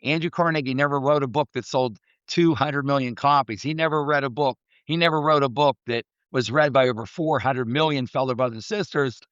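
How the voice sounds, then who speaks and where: A man's voice: medium pitch, fairly quick, hardly any pauses, a bit bright, clean tone, no room sound, lo-fi sound. A man hosting a mindset coaching podcast, telling stories in an earnest, preachy motivational talk.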